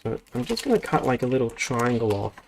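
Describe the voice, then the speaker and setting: A man's voice: medium pitch, big pitch swings, fast talker, vocal fry, slight background noise. A young adult man from Australia, chatting casually on a livestream, rambling and thinking aloud with lots of restarts. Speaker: streamer. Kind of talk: casual livestream chat while building.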